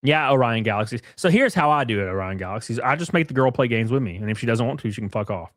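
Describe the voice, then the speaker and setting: Male streamer, blunt and profane, chatty, dry close sound, mid-pitched voice. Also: lively intonation, fast, dry recording. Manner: profane, blunt, reads out viewer messages. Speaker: livestream host. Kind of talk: casual livestream chat.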